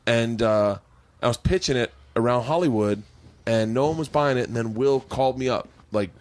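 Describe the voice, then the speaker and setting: A man's voice: medium pitch, normal speed. A man hosting a podcast, telling a long profane comedic story and acting out the voices of the people in it. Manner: profane, animated storyteller who acts out quotes. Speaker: podcast host.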